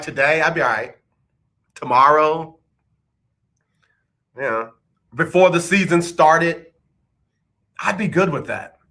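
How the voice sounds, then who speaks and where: Bright-voiced playful radio host, a man. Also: a little high. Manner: playful, teasing, chatty, addresses listeners directly. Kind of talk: casual sports radio talk.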